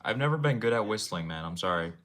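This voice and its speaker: A man's voice: fairly low pitch, expressive, fast, heavy background noise. A young man streaming from his room at home, rambling casually and talking to his chat in a laid-back way. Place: home room with game shelves.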